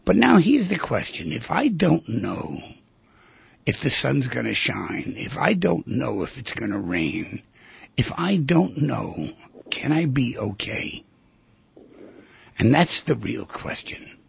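A man hosting a call-in advice radio show, talking in an animated, emphatic way with storytelling asides. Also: medium pitch, slow. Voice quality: very husky, gravelly voice. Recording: dull, lo-fi radio audio.

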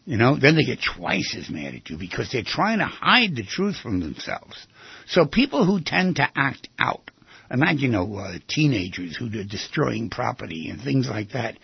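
Older guy doing radio advice, raspy voice, bounces around a lot, acts out bits. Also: mid-range voice, moderate pace, no echo, highs cut off. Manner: animated, acts out little scenes in other voices.

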